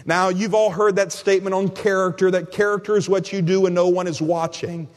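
Man, pastor, preaching a sermon, emphatic, repetitive, high-pitched, long hall echo. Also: level tone, a little fast. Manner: emphatic, repeats key phrases, calls listeners friend.

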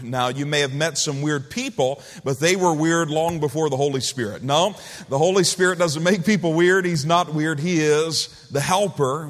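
A male pastor with a fairly high voice, preaching in a folksy, joking way and slowing down to lean on key words. His voice rings out in a church hall with a long reverb. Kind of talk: sermon.

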